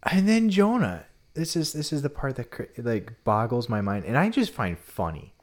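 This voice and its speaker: A man casually retelling a Bible story in a relaxed, conversational way. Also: mid-range voice, moderate pace. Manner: relaxed retelling, often drops to a quieter tone.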